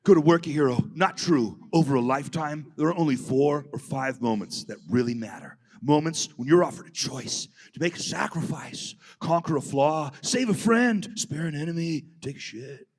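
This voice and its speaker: A voice actor plays a lofty, earnest hero with a clumsy Russian accent, his voice a touch high and lively. It is a live comedic table read before a convention crowd. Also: normal speed, hardly any pauses. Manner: lofty, speechifying. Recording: live convention panel, reverberant hall.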